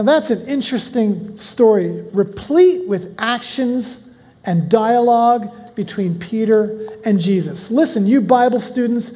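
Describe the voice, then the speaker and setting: A Bible teacher who reads scripture slowly, then explains it in a chatty way and asks the listeners questions. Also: medium pitch, a little mellow. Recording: long hall reverb.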